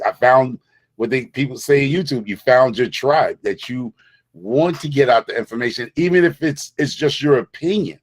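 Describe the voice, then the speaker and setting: A middle-aged man from the Bronx talks in a casual chat. His pitch sits in an ordinary male middle range. He builds his points emphatically, doubling back and repeating phrases as he goes. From the Bronx, New York. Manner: emphatic, repetitive storyteller with frequent restarts. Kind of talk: casual conversation.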